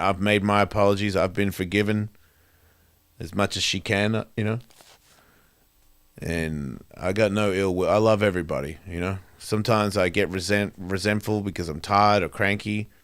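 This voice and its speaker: Profane, rambling man, low voice. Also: smooth, no echo. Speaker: host. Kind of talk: candid monologue.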